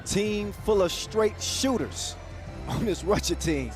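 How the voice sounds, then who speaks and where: A man giving quick, energetic, joking play-by-play commentary at a live basketball event. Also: high-pitched. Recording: broadcast mix with loud crowd and music.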